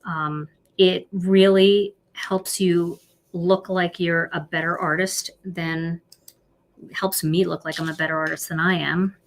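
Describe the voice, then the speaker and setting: A woman's voice: lowish voice, steady tone, slow pace. A woman with a Philadelphia accent hosting a live card-making demonstration, chatty and self-deprecating as she colors. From Philadelphia, USA.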